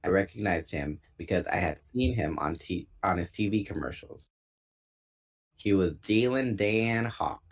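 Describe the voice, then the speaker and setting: A man reading a novel aloud in a relaxed, unpolished way, pausing now and then to correct a slip. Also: low-pitched, slightly rough. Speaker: book reader.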